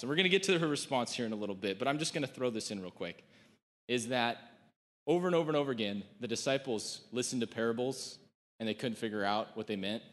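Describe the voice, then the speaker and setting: A man giving a sermon in a relaxed, conversational way, with joking asides and quotes he acts out. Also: medium pitch, long reverb tail. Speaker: preacher.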